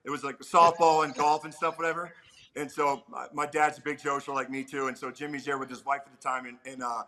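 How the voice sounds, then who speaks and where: A middle-aged man, a former pitcher, telling animated stories as a guest on an interview show. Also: brisk, rough recording. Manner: animated, peppers talk with "man". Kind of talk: casual storytelling chat.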